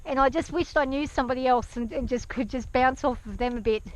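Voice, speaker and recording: An anxious woman talking to camera while on horseback outdoors, hesitant and soft-spoken, speaking gently to her horse, recorded on a worn action camera. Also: sits high, quick pace. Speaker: nervous horse rider. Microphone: action camera worn by the rider.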